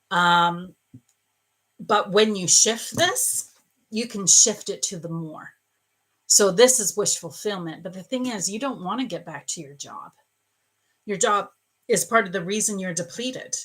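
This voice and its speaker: Middle-aged female psychic streamer, gentle and endearing, bright tone. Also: on the low side. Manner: soothing, calls listeners dear and love. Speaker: psychic reader. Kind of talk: live-stream reading for viewers.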